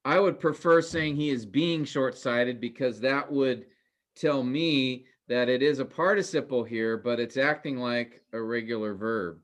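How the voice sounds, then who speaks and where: A man teaching a Greek grammar class online, asking questions and explaining with many pauses. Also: medium pitch.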